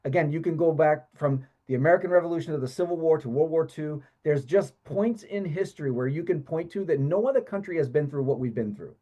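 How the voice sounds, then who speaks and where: A man with a fairly high but mellow voice speaks with conviction as a podcast co-host. He often repeats words as he pushes a point forward in relaxed conversation. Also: fast talker, hardly any pauses, highs cut off. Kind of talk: casual conversation.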